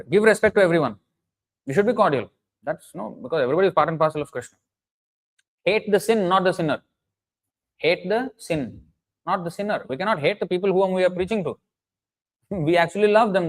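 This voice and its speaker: A man's voice: on the high side, low-quality recording. A man giving an earnest, emphatic sermon, often restarting phrases and chanting Sanskrit verses. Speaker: preacher. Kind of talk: sermon lecture.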